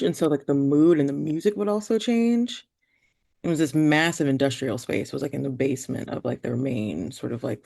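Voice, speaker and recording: A woman's voice: very deep voice, creaky, a little mellow, dry recording. A woman filmmaker chatting as a podcast guest, rambling with lots of fillers and trailing thoughts. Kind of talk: casual podcast chat. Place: remote from the hosts, in New York.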